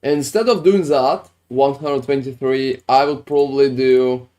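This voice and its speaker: A mellow, medium-pitched male voice, moving a little slowly. He streams a game, chatting casually with viewers and looking over their builds, and he swears often with non-native phrasing.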